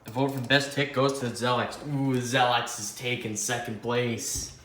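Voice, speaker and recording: In an echoey indoor room of ticking clocks, a young Canadian clock collector rambles through a casual vlog, mumbling asides to himself and poking fun at himself. His medium-pitched, fairly bright voice holds fairly even intonation at a moderate pace, over a faint hiss of background noise.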